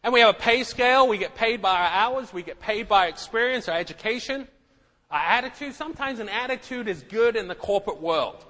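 A man's voice: high voice, animated, a little fast, sharp tone. A middle-aged man preaching a sermon, emphatic and given to repeating words and asking the congregation questions. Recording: echoey hall.

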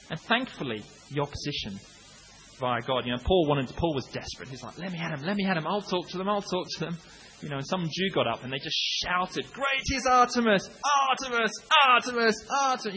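A man in his late thirties preaching a conversational sermon, breaking into acted-out shouts now and then. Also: mid-range voice, a little hiss or hum, poor audio. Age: 30s.

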